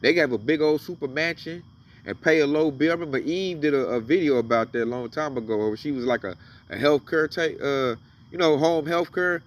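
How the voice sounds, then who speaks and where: A man's voice: on the high side, brisk, far from the mic, highs cut off. A man giving casual, emphatic commentary on scripture, reading verses aloud and then riffing on them. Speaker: religious commentator.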